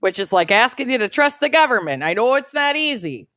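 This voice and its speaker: A woman's voice: a little high, very animated, a little fast, a bit bright, no echo, studio quality. A young adult woman co-hosting a casual true crime podcast, chatty and wry, often laughing as she talks. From Minnesota. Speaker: podcast co-host.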